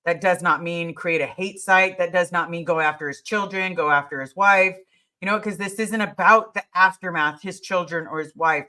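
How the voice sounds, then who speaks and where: A woman hosting a casual livestream, talking straight to her viewers. Her voice is bright and forward, and she presses her points hard, repeating key words for emphasis. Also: on the low side. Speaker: livestream host answering viewer questions.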